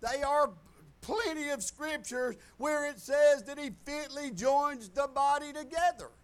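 A pastor preaching a folksy sermon to his congregation, moving between loud declarations and quiet asides. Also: very high-pitched. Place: church sanctuary.

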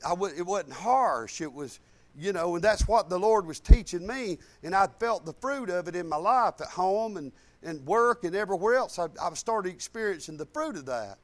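A man's voice: high-pitched, animated, moderate pace. A man in his fifties preaching a sermon, telling folksy personal stories in casual, colloquial grammar.

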